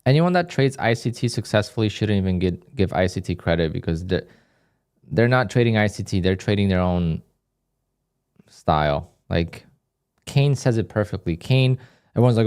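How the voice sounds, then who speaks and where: A man's voice: lowish voice, moderate pace, smooth. A man hosting a live day-trading stream, chatting casually and answering viewer questions as he trades. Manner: relaxed, reads chat questions aloud and answers offhand. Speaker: day-trading livestream host.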